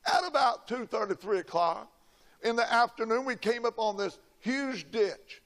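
An older preacher tells his story from the pulpit in a folksy, dramatic way. His voice sits high for a man. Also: normal speed. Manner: folksy, dramatic storytelling, shouting quoted lines. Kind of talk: sermon with a personal story.

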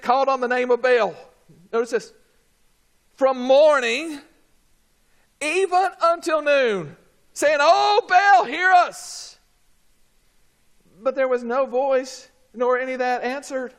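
Preacher guy, really high voice, slow drawn-out delivery, shouts then drops way low, cracks jokes at the crowd. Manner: swings from shouting to low quiet asides; humorous, calls for audience response. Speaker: pastor. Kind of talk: sermon.

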